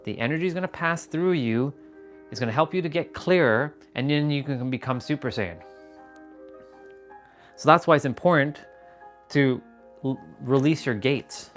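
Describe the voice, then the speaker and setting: A man hosting a fitness livestream, talking in a casual, animated, rambling way and swearing freely. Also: medium pitch, moderate pace, soft background music. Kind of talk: casual motivational livestream talk.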